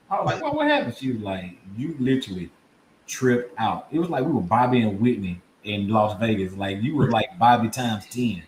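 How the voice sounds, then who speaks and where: A man telling a comedic story on a podcast, acting out voices and laughing as he goes. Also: mid-range voice. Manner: animated, acts out voices and laughs mid-story. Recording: echoey room with faint background noise.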